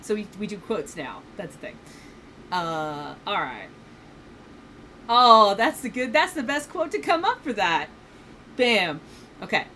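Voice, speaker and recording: A woman's voice: medium pitch, sing-song, a little slow, pauses often, pushed and bright, slight background noise. A woman streaming a game from home, chatting casually with her audience. She rambles with many fillers and pokes fun at herself. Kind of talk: casual live-stream chat while playing a game. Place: home room, seated on her bed. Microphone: streaming microphone.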